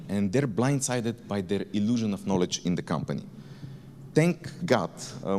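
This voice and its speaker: Blunt founder guy talking on stage, lively swings in pitch, faint room hum behind. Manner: candid, animated storytelling with blunt language. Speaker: company founder and conference speaker. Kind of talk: keynote talk. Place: conference hall. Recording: reverberant conference hall, faint ambience.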